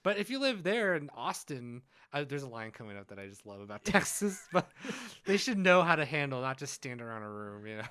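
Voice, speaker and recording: A man's voice: medium pitch, very animated, a little fast, few pauses, sharp tone, clear, resonant tone. A man chiming in with jokes and commentary during a casual movie chat.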